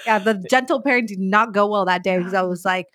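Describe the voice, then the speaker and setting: A woman co-hosting a casual chat, telling lively stories and acting out other people's lines. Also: medium pitch, fast talker, dry recording, clean studio sound. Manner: animated storyteller, acts out other people's lines.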